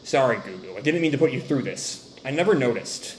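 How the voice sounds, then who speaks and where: A man voicing a quiet immortal being in a young man's shape, reading his lines softly from a manga. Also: medium pitch, expressive, brisk, echoey room, slight background noise, natural voice, rough recording. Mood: apologetic.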